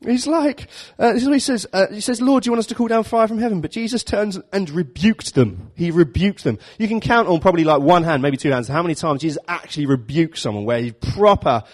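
A London preacher with a high-sitting voice gives a relaxed, conversational informal sermon, talking quickly with few pauses. He tells the story with jokes and slips into little acted-out voices for the characters, keeping things light and chatty.

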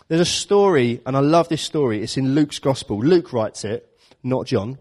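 A man delivers a relaxed, conversational sermon. He tells the story with jokes and slips into little acted-out voices for the characters, keeping it light and chatty. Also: mid-range voice, moderate pace, hardly any pauses. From London. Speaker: preacher. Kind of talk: informal sermon.

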